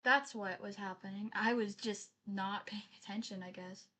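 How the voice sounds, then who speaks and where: A woman's voice: medium pitch, fairly even intonation, normal speed, pushed and bright. A woman live-streaming, chatting casually with her viewers, apologizing often and reading their messages aloud.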